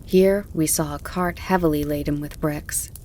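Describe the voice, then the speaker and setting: Low-voiced woman reading a classic novel. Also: steady tone, normal speed, dark tone. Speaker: audiobook reader. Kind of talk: calm storybook narration. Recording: faint crackling campfire behind.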